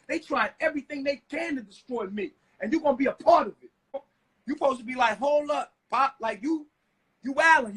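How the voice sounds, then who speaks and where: Man, high husky voice, furious profane rant, shouts and accuses. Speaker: livestreamer ranting at his wife. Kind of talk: heated livestream rant.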